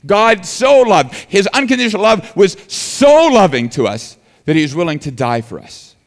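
A man's voice: high voice, huge pitch swings, normal speed, in a large hall. A man preaching a sermon earnestly, building emphasis and sometimes restarting his words. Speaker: pastor.

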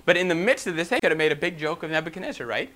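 Animated, bright-voiced male preacher. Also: on the high side, racing. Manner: reads scripture then explains it with acted-out quotes; loud and animated in places. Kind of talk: sermon.

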